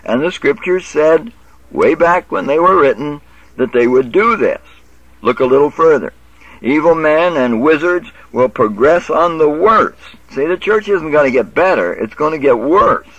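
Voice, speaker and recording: A preacher gives a Bible teaching lecture, reading verses aloud and explaining them instructively, sometimes correcting himself. His fairly high voice has lively intonation and an unhurried pace, a bit bright with no echo, though the lo-fi audio is dull.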